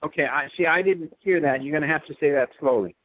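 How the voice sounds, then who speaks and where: Man, radio host, earnest and emphatic, slightly high voice, dry tinny phone-like sound. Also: fast talker, dry recording. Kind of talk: casual radio interview talk.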